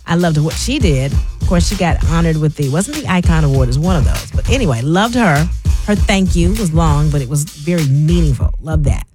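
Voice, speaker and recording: A woman's voice: deep voice, animated, fairly quick. A woman in her fifties hosting a radio show, chatting casually and laughing as she talks. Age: 50s. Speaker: radio host. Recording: radio broadcast with music underneath.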